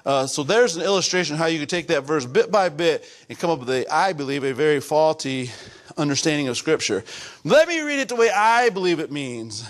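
High-voiced earnest male pastor preaching. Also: very animated, normal speed, fairly bright tone. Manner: earnest, repetitive, building to emphatic outbursts. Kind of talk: sermon. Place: church.

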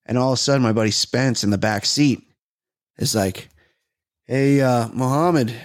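A man co-hosting a comedy podcast tells rambling, profane stories full of restarts in casual chat. His voice sits on the low side and moves briskly, captured in a dry, studio-quality recording.

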